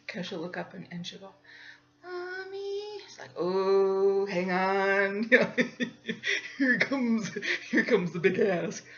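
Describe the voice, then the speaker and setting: A woman's voice: mid-range voice, fairly bright tone, lo-fi sound, a little hiss or hum. A woman hosting a podcast, telling a story in a chatty, casual way and laughing often. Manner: chatty, laughs often, acts out voices in her stories. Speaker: podcast host.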